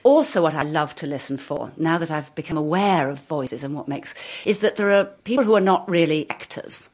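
Brief: actress with a fairly low voice, animated and self-mocking, telling stage anecdotes. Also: female voice, a little fast. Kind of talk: anecdotal talk.

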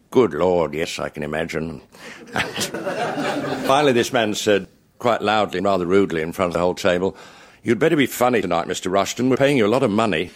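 Deep-voiced older man telling anecdotes. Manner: chuckling, genial anecdotes with quoted punchlines. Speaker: after-dinner raconteur. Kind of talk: anecdotal storytelling to a live audience.

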